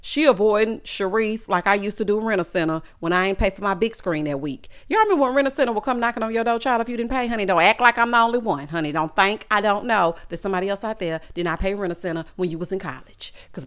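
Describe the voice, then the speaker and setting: Her voice is mid-range, clear, and resonant as she delivers a sassy, animated reality show recap. The vlogger, who is still getting over an illness, performs the cast's quotes in a casual tone.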